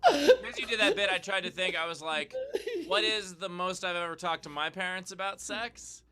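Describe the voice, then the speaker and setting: A man hosting an online comedy chat show over a video call, trading quick jokes and reading out tip notices. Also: high voice, very animated, a bit bright, smooth. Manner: quick joking banter. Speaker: host. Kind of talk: casual chat.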